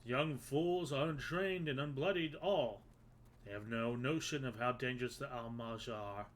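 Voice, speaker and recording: A man's voice: medium pitch, moderate pace, natural voice. A man reading the lines of a stern male elder warrior in solemn, urgent game dialogue. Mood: grave urgent. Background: loud game music.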